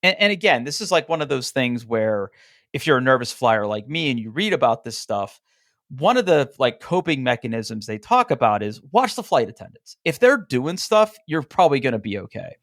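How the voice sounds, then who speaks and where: Guy on a podcast rambling through a travel story, mid pitch, acts out the dialogue, lots of likes, super dry close sound. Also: very animated, normal speed, fairly bright tone, no room sound. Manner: frequent "like" fillers and restarts. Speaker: podcast co-host. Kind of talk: casual chat.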